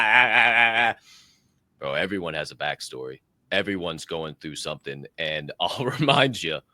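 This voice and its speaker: A male co-host in a bright, forceful voice hammers home his points, cursing freely and laughing between lines. The sound is dry and close. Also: low-pitched, no room sound. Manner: emphatic, swears freely, laughs often. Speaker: podcast co-host. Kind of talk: casual chat.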